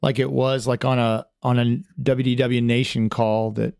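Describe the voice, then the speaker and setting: A man hosting a casual podcast with a gravelly voice of ordinary pitch. He talks in a friendly, rambling way, full of fillers and restarts. The recording is dry, with no room sound. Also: little pitch movement, moderate pace, a little mellow, no echo. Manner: friendly, chatty. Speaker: podcast host.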